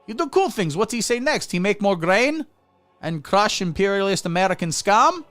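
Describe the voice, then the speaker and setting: A man voicing an excitable Russian man who hypes a rap song, with a put-on Russian accent and broken grammar. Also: sits high, normal speed, no room sound, pitched above the performer's own voice. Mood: excited.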